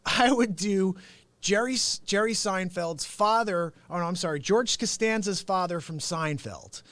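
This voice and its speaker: A man's voice: sits high, unhurried, fairly bright tone, no echo. A man hosting his own unscripted live-stream talk show. He tells stories with lots of animation, laughs often, speaks straight to his viewers, and slips into comic impressions. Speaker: host and real estate agent.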